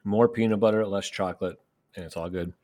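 Laid-back low-voiced man co-hosting. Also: brisk. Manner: relaxed, filler-heavy, deadpan humor. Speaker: podcast co-host. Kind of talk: casual fantasy football chat.

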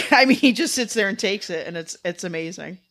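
A woman's voice: medium pitch, animated, fairly quick, a bit bright. A woman co-hosting a podcast, chatting casually with dry, wry remarks and frequent laughter. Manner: dry, wry, laughs often, swears freely. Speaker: podcast co-host. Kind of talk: casual chat.

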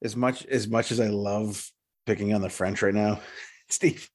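A man's voice: on the low side, fairly even intonation, a little slow, darkish tone. A man co-hosting a podcast, casual and profane, teasing his co-hosts. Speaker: podcast co-host. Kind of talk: casual chat.

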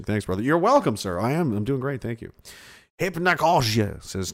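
A man's voice: mid-range voice, sing-song, quick pace, fairly bright tone. A man chatting casually as a streamer, rambling and swearing freely while laughing often. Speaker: streamer reading chat. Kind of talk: casual chat.

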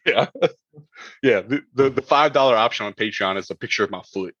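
A man's voice: mid-range voice, fairly quick, a bit bright, no echo, highs cut off. A man hosting a casual podcast over a video call, joking and laughing often as he talks. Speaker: podcast host.

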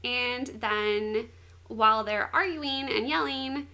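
A woman's voice: on the high side, takes it slowly. A young woman co-hosting a casual podcast, giggling often as she retells a manga plot. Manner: giggly, animated storyteller. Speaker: podcast co-host.

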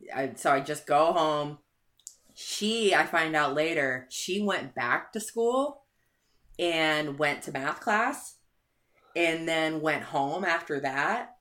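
A young woman telling a story in casual chat, animated, swearing and laughing often. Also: low-pitched.

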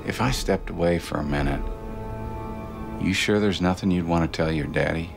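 A gravelly, deep-voiced troubled father. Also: normal speed, music in the background. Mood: quiet menace. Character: troubled middle-aged father, tense and controlling. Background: film score.

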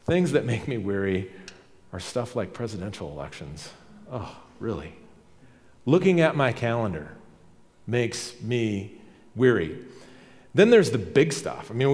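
A man's voice: medium pitch, darkish tone, big-room sound. A man preaching a sermon as pastor, conversational and emphatic, repeating key phrases.

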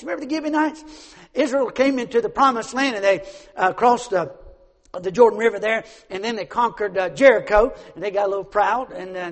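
A man preaching a sermon as pastor, swinging from hushed asides to shouts, often stammering and restarting. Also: sits high. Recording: long hall reverb.

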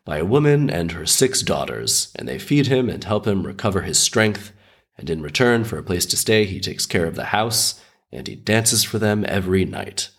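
A man hosting a podcast, retelling a fairy tale in a sardonic, animated way while still recovering from an illness. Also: deep voice, gravelly, breathy edge. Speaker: podcast host.

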